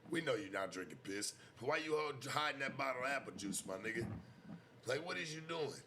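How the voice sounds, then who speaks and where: A man bantering casually and teasing in loud jabs. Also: medium pitch, expressive, a little fast, background noise.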